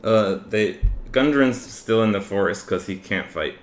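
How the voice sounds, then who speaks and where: A man with a fairly low voice narrates a tabletop game as its game master, taking his time and filling gaps with ums and uhs. He is recorded in an echoey room with a faint hiss of ambient noise behind him. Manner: relaxed, unhurried narration with fillers.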